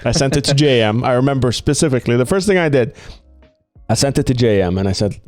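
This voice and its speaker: A man's voice: medium pitch, animated, quick pace, a little mellow, faint music behind. A male podcast host talking casually and enthusiastically with a guest, swearing freely and using lots of fillers.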